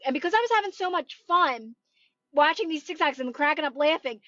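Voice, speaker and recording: A woman chatting on a livestream as a manifestation coach, speaking in a high voice with an earnest, encouraging manner and frequent repeats. The sound is dry and close, with dull lo-fi audio. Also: fast, a bit bright, no echo. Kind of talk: livestream chat.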